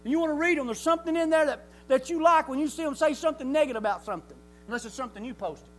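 High-pitched preacher, folksy. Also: male voice, rapid-fire, faint music behind. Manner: folksy, rhetorical questions, chuckles often. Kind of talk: sermon.

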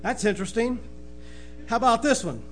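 High, bright-voiced joking preacher man. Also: animated, a little fast, faint music behind. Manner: folksy, says "amen" and "brother" often, laughs at own jokes. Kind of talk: joking sermon opening.

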